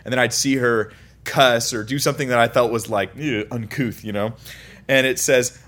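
A man's voice: medium pitch, fairly even intonation, moderate pace, fairly bright tone. A young man giving a casual, chatty Bible teaching, full of anecdotes and self-interruptions. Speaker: preacher.

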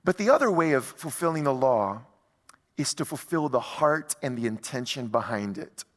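Preaching a sermon with a medium-pitched voice at a moderate pace, this male pastor sounds like he's in a big room. He's conversational and animated, asking plenty of rhetorical questions.

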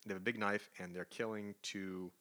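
A man with a lowish, bright voice talks through a comic book plot on a casual podcast. He recaps with energy and acts out the characters' lines as he goes. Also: little pitch movement, moderate pace. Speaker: podcast co-host.

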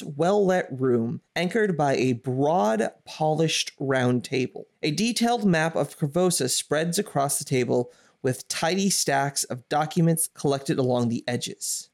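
A man narrating a tabletop game as game master, with descriptive, steady delivery. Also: on the high side, gravelly.

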